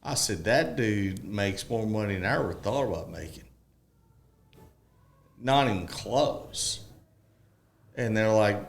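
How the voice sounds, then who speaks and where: A man in his forties in casual podcast chat, telling a folksy story and acting out the dialogue with animated pitch jumps. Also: slow, creaky, pauses often. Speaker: podcast guest, construction expert.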